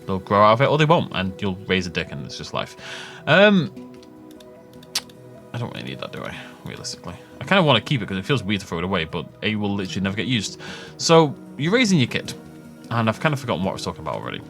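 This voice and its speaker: A man's voice: fairly low pitch, wildly swooping pitch, fast talker, fairly bright tone, faint music behind. Rambling, jokey man playing a game. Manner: rambling and jokey, laughs at his own tangents. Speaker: gaming YouTuber. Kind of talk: casual let's-play commentary.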